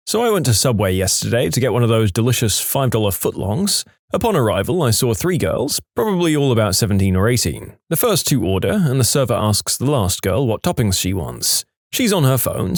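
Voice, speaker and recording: A man's voice: mid-range voice, dry recording. Guy reading out reddit stories, voice bouncing all over, super dry close sound. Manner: lively storytelling, quotes in varied voices. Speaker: story narrator.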